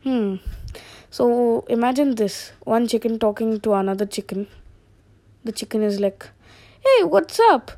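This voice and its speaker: A woman's voice: on the high side, steady tone, normal speed, mellow. A young woman who hosts a casual, rambling comedic podcast monologue and laughs at her own jokes.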